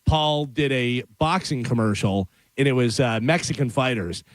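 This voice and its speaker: A man hosting a radio show, chatting casually and telling animated stories with frequent laughs. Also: mid-range voice, normal speed, no echo. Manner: animated storyteller, laughs often. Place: radio studio. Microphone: studio microphone.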